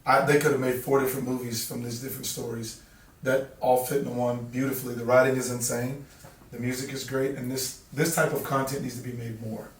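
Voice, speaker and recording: Man, singer guest, laid-back, joking, plainspoken, mid pitch, echoey distant mic. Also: level tone, a little fast. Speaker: singer-songwriter and actor guest. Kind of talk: relaxed interview chat. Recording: roomy sound from a distant mic.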